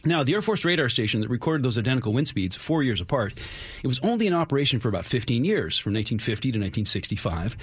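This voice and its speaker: A man, the show's resident historian, telling local history stories in a chatty, brisk way on a radio segment. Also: medium pitch, very animated, slightly rough, no room sound. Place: radio studio.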